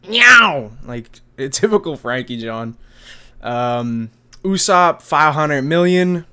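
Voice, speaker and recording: A man's voice: mid-range voice, takes it slowly, a bit bright, clear, resonant tone. A young man in his twenties, casually talking through a manga chapter review in a loose, slangy, chatty way with casual swearing. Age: 20s. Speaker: anime review vlogger.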